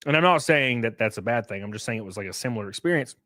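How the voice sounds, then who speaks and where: A man's voice: mid-range voice, expressive, racing, pushed and bright, no echo. A young man streaming live, rambling casually and swearing as he comments and greets his chat. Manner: rambling and profane. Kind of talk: livestream commentary.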